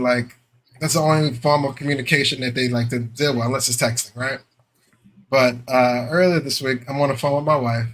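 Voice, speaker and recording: Bright-voiced animated male podcast host. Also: medium pitch, a little hiss or hum. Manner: animated storyteller, acts out voices, swears. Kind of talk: casual chat, storytelling.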